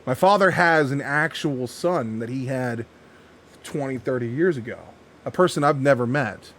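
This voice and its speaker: A man's voice: medium pitch, moderate pace, fairly bright tone. A man talking in a casual podcast chat, candid, teasing and profane. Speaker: podcast co-host.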